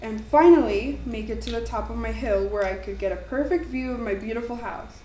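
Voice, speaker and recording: A woman reading her own ghost story aloud in an earnest, slightly halting way. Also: a little high, steady tone, darkish tone. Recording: echoey room, mic far off, faint background noise.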